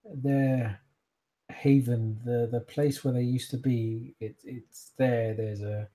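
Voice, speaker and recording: A man's voice: medium pitch, steady tone, slow pace, dark tone, natural voice. A man voicing a dazed, hungry, newly turned female vampire prophet who drawls dreamily and drifts off mid-thought. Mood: vague. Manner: drawling, dreamy, easily distracted.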